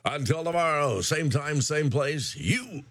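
A man's voice: a little high, lively intonation, measured pace, no room sound. A male radio host closing his program with earnest thanks and a sign-off. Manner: warm, earnest closing words.

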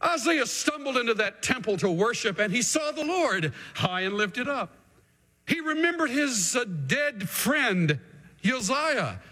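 Animated male preacher in a reverberant hall. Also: extremely high pitch, a little slow. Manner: dramatic, swings from hushed to shouting. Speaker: pastor. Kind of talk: sermon.

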